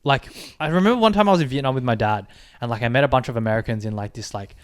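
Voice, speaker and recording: Rapid, rambling young man. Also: mid-range voice. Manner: rambling, heavy on filler "like" and "bro". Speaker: podcast host. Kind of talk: casual late-night chat.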